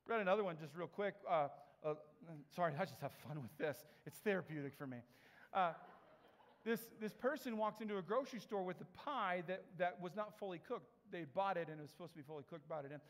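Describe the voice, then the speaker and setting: A man giving an animated storytelling talk with laughing asides. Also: sits high, fairly quick, big-room sound. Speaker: speaker.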